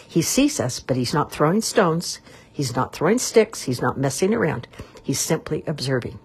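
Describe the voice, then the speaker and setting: Storybook read-aloud: a soothing, sensible swan wife, done by a woman, raspy low voice. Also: big pitch swings, normal speed, full character voice. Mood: reasoning. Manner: level-headed, soothing. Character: calm, sensible female swan sitting on her nest.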